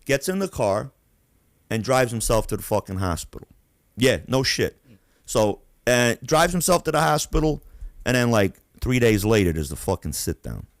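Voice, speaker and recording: A man's voice: medium pitch, moderate pace, creaky, no echo, studio quality. Profane New storyteller man. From Queens, New York. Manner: animated, profane, acts out voices. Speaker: podcast host. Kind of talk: casual storytelling.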